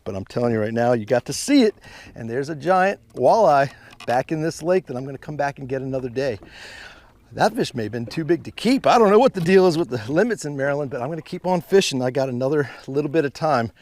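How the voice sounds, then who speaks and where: A man giving excited fishing commentary from a boat on a mountain lake, exclaiming often and calling out to viewers as guys. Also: medium pitch, fast talker. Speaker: fishing vlogger.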